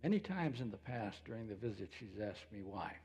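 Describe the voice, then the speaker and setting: A male pastor preaching a sermon, posing rhetorical questions in a slow, deliberate way. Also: fairly low pitch, very animated, darkish tone, husky, big-room sound. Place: church sanctuary.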